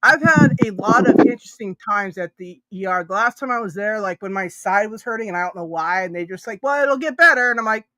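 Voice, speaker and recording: A woman's voice: mid-range voice, fast talker, hardly any pauses, fairly bright tone. A woman hosting a livestream, telling stories in a casual chat, laughing often and acting out the quoted people. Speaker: livestream host.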